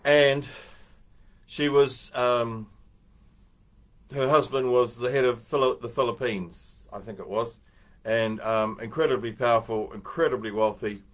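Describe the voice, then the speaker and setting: An older man gives a relaxed motivational morning talk to a group in a mid-pitched voice, a little slow. He rambles through anecdotes, pauses to muse aloud, and scatters fillers throughout.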